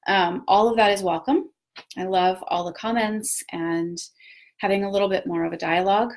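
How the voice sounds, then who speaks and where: A woman's voice: mid-range voice, fairly even intonation, normal speed. A woman, a parent, hosting a casual live talk on personal growth, chatty and reflective, with many fillers and self-corrections. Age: adult parent of children. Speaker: host of a live video talk.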